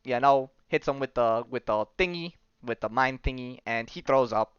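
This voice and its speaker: A man hosting a podcast, casually recapping a comic book story with plenty of fillers and quick acted-out character lines. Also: medium pitch, fairly bright tone, smooth, dry recording, highs cut off. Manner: rambling storytelling with many fillers, briefly acting out characters' lines. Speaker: podcast host.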